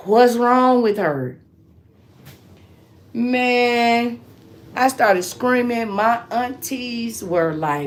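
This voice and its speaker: A woman hosting a casual livestream, telling a story in a loose, animated way and answering her viewers with endearments like sweetheart and baby. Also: a little high. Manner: loose, drawn-out delivery with restarts. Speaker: livestream host.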